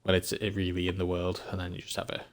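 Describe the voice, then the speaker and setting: A low-pitched English man giving relaxed, rambling commentary on a live game stream. He thinks aloud as he goes and breaks into chuckles now and then. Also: fast talker, background noise. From England.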